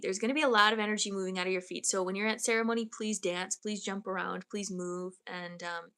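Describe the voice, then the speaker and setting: Woman, energy healer, channeled healing session, soft and flowing, gravelly fry. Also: medium pitch, fairly even intonation, fast, hardly any pauses. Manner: soft, flowing, relays messages from spirits.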